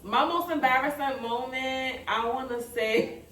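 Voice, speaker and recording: A woman's voice: sits high, unhurried, fairly bright tone, slight background noise. A woman, co-hosting a podcast and telling blunt, profane stories with lots of laughter. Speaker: podcast co-host. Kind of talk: casual chat. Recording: echoey room, mic at a distance.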